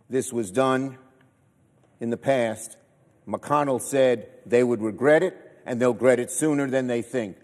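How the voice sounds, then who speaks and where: An older senator putting formal, measured questions to a colleague on the floor. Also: male voice, medium pitch, a little mellow. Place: large legislative chamber. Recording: distant mic in a reverberant chamber.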